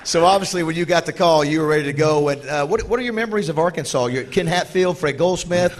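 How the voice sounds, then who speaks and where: A man hosting and interviewing a guest on stage, asking questions in a quick, conversational way. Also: on the high side, a little hiss or hum. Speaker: club host and interviewer.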